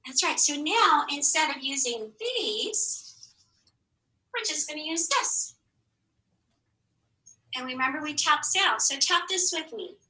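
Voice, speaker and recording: A woman's voice: sits high, lively intonation, takes it slowly, long pauses, sharp tone. A woman teacher leading a phonics lesson for young children, encouraging and stretching out sounds, often dropping into whispered asides. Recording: echoey room, mic at a distance.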